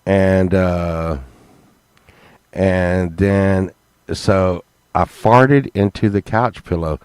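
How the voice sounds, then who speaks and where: A man telling rambling comic stories in a halting way, full of fillers and restarts. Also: sits low, darkish tone, smooth, no room sound. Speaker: comedy podcast host.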